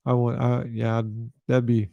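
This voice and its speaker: A man's voice: mid-range voice, completely flat delivery, measured pace, gravelly, dry recording, lo-fi sound. A man hosting his own show, talking casually and loosely to the audience, with plenty of swearing and repeated phrases. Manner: loose, profane, repeats himself. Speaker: host. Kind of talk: casual talk to camera.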